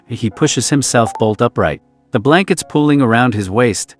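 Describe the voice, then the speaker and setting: A man reading a romance role-play story aloud in a soft, intimate storytelling manner. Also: medium pitch, expressive, moderate pace. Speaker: narrator.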